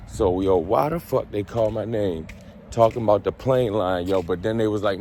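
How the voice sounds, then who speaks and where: Low-voiced man telling a profane story. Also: normal speed, warm tone, a little hiss or hum. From Baltimore. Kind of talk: casual storytime.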